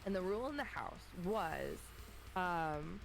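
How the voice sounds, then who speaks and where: Animated woman telling a childhood story. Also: fairly low pitch, a little slow, music in the background, rough recording. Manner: animated storyteller, voices family members. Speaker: streamer guest. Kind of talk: casual storytelling.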